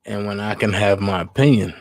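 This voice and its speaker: A man hosting a casual livestream chat, giving his opinion in a blunt, candid, unhurried way. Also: fairly low pitch, dry recording. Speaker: livestream host.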